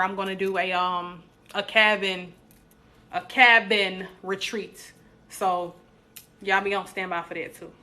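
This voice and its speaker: A woman's voice: mid-range voice, sharp tone. A young adult woman, hosting a casual live stream, joking with viewers and preaching encouragement.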